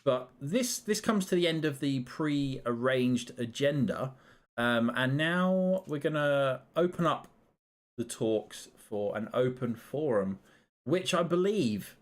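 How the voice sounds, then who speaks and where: Man, British, podcast host, casual chat, middle pitch, easygoing. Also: animated, slow. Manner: easygoing, chatty, lots of ums.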